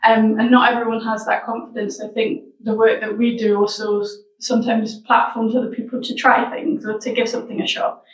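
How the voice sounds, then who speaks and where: Female interview guest, thoughtful and searching, slightly high voice, recorded in an echoey room. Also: flat delivery, fairly quick, hardly any pauses. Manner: reflective, searching for words as she talks. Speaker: guest, founder of a wellbeing social enterprise. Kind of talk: casual interview chat. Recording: roomy sound, mic at a distance.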